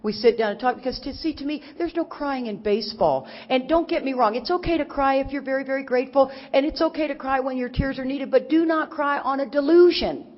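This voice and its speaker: A middle-aged woman from Texas giving an animated, folksy recovery talk to a crowd, teasing her listeners. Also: sits high, fairly quick, hardly any pauses. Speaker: recovery speaker. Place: large conference hall. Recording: dull recording with long hall reverb.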